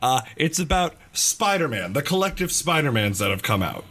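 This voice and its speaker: A man's voice: fairly high pitch, very animated, moderate pace, a bit bright. A man co-hosting a podcast in casual chat, playful and rambling, with a groggy morning voice. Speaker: podcast co-host.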